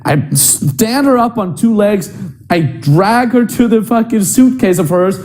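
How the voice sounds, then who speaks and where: Man, young adult, dating coach, blunt, profane, high-pitched, warm dark tone. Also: animated, unhurried. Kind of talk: coaching monologue.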